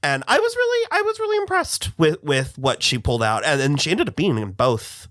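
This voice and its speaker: Enthusiastic co-host of mid pitch. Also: huge pitch swings, fairly quick, fairly bright tone, no room sound, studio quality. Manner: enthusiastic, searching for words. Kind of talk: casual reaction chat.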